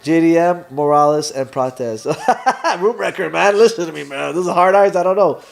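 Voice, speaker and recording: A man's voice: fairly high pitch, expressive, moderate pace, vocal fry. A young man with a Canadian accent hosts a live watch party, chatting casually, reading viewer comments and laughing often.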